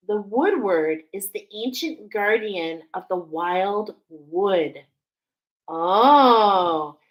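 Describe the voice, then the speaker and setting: A woman reading oracle cards for her viewers, speaking softly, emotional and tearful at times. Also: medium pitch, poor audio. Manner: emotional, tearful, soft-spoken. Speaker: oracle card reader. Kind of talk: spiritual card reading vlog.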